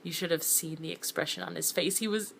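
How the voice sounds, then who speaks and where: A woman's voice: on the low side, steady tone, fairly quick, vocal fry, fairly bright tone, slight background noise. A middle-aged woman giving scripted first-person thriller narration with wry, sardonic asides, sometimes sinking to a whisper. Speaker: narrator of a thriller web series.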